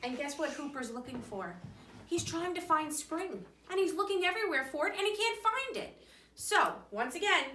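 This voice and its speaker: A woman teacher with a bright, clear voice talks slowly and encouragingly to small children. She sits a little back from the mic in an echoey room. Her voice sits on the high side. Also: recorded from a distance, a little hiss or hum. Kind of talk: online lesson and storybook reading. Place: home or classroom, filmed by a helper.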